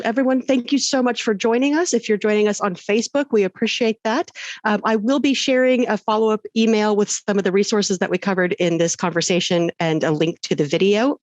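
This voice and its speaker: A woman's voice: medium pitch, dry recording, dull audio. A woman hosting an online support session, politely summarizing and thanking her guest. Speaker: host.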